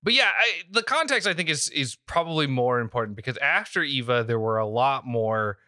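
A man's voice: medium pitch, expressive, a little fast, sharp tone, dry recording, studio quality. A man co-hosting a casual podcast, chatting in a rambling way with frequent restarts and easy laughter. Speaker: podcast co-host. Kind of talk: casual chat.

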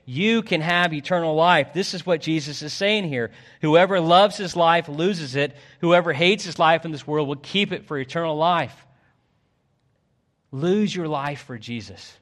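A man's voice: moderate pace, few pauses. Impassioned male preacher. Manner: impassioned preaching, swinging from loud pleading to hushed low tones. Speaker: pastor. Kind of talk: sermon.

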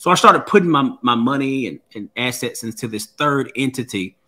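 Man, guest author, earnest storytelling, bright tense tone, repeats words. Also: mid-range voice, lively intonation, moderate pace. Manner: earnest, repeats words when starting a thought. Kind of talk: personal storytelling in an interview.

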